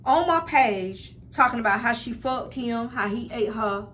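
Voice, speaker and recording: A woman's voice: on the high side, a little slow, fairly bright tone, a little hiss or hum. A young woman telling a personal story to her viewers in a blunt, profane, casual way, often calling them y'all. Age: young adult. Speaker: spiritual vlogger.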